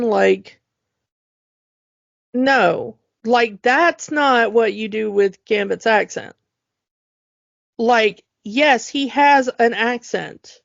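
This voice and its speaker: A woman co-host who speaks at an unhurried pace but leans hard into her points with a fired-up, ranting emphasis. Her voice sits a little high. The recording is dry and a bit dull, with no sense of room around her. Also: vocal fry, no room sound. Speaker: podcast co-host. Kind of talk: casual chat.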